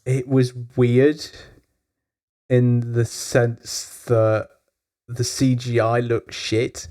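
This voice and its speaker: Man, podcast co-host, casual review chat, wry, measured, mid-pitched voice. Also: little pitch movement, mellow.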